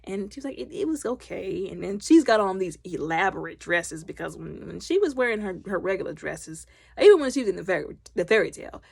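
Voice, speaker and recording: A woman recapping a film loudly and animatedly, acting out the characters' lines. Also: mid-range voice, big pitch swings, fairly quick, vocal fry, slightly rough, no echo. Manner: loud. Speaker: movie reviewer. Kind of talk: casual movie recap.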